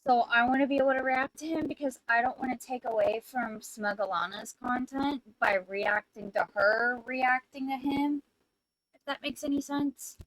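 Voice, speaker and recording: A woman streaming as a VTuber, chatting casually in a rambling, flustered way, apologizing and breaking into loud outbursts. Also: sits high, normal speed, no room sound, rough recording. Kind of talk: casual live-stream chat.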